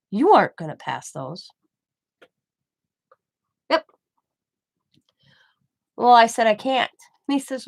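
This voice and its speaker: A woman's voice: on the high side, measured pace, pauses often, no echo. A middle-aged woman, host of a craft channel, casually telling a rambling personal story and acting out the dialogue as she goes. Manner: rambling, animated retelling with quoted dialogue.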